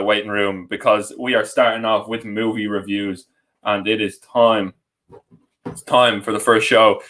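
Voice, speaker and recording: A man's voice: lowish voice, a bit bright, low-quality recording. A young man hosting a podcast live stream, rambling and correcting himself as he introduces guests. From Ireland. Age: young adult. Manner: rambling, self-correcting, laughing often. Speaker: podcast host. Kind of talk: casual live stream chat.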